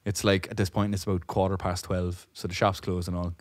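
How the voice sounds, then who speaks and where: A man's voice: sits low, level tone, brisk, dry recording. A young man co-hosting a podcast, telling a long story in a rambling way, swearing often and laughing as he goes. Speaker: podcast co-host. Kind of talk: casual storytelling chat.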